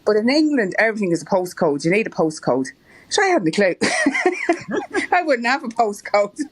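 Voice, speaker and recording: A woman's voice: medium pitch, wildly swooping pitch, normal speed, a crowd in the background. A middle-aged Irish woman telling stories as an interview guest, rambling and laughing often. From Ireland. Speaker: marathon runner guest. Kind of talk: casual interview chat.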